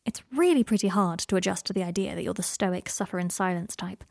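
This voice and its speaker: A woman voicing a caring, steady young man who talks quietly and gently in a read-aloud story. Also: lowish voice, a little fast, gravelly, no room sound, clean studio sound.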